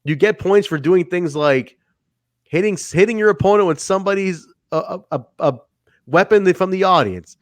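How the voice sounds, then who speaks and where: A man's voice: high-pitched, normal speed, dry recording. A man co-hosting a casual wrestling review podcast, laughing often and acting out what wrestlers said. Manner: animated, laughs often, acts out quotes. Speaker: podcast co-host.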